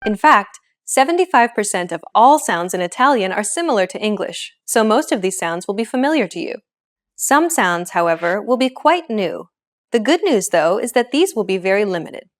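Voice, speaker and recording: A woman hosting a language lesson, explaining pronunciation in clear, encouraging scripted narration. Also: mid-range voice, big pitch swings, moderate pace.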